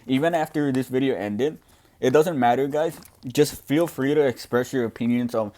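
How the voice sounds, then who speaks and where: A young deaf man answers questions in a casual, earnest talk. He speaks loudly and restarts often as he works through his thoughts, in a mid-pitched voice. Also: normal speed. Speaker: student podcaster answering questions.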